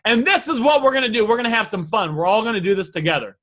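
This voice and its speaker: He is a male sales coach with a high, bright, forceful voice. He talks straight to his live viewers, pushing his points with emphatic energy. He keeps pulling them in with direct questions. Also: lively intonation, fast. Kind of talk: live online sales lesson.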